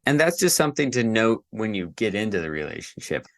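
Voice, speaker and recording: A man's voice: fairly low pitch, very animated, quick pace, a bit bright. A man co-hosting a podcast, giving earnest relationship advice in casual chat. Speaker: podcast co-host.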